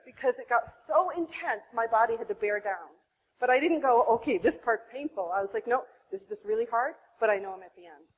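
A woman in her thirties sharing her own birth story to other women, animated, acting out her past self. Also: slightly rough, low-quality recording. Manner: animated, acts out her own past voice with big pitch jumps. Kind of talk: impassioned personal testimony.

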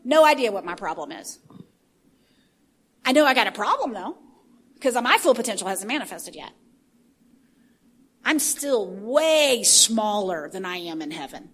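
A woman preaching a sermon in an animated way, swinging from hushed asides to shouting. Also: mid-range voice, measured pace, long pauses.

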